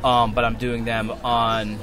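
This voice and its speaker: A man with a Long Island accent, a muralist talking casually in an interview, relaxed and rambling with many fillers and restarts. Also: mid-range voice, unhurried, a crowd in the background. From Long Island, New York. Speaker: muralist guest. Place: outdoors at a wall being painted.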